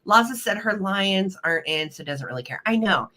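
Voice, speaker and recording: A woman from Missouri hosts a casual live-stream sale, greeting each viewer by name. Her voice is bright and clear, and it swoops up and down with lots of lively pitch movement. She sounds a little choked up, with a slight cough. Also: normal speed. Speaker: live vintage sale host.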